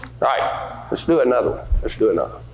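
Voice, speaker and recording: A man's voice: mid-range voice, very animated, fast, highs cut off. A man teaching a Bible lesson to children, asking them questions and acting out scripture scenes. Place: church hall. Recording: echoey room with faint ambience.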